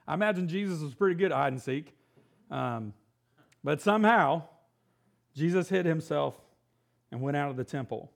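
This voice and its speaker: Male pastor, higher voice, sermon that mixes scripture reading with casual, laughing asides. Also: animated, creaky. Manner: reads scripture aloud, then riffs casually with quick laughs and rising exclamations.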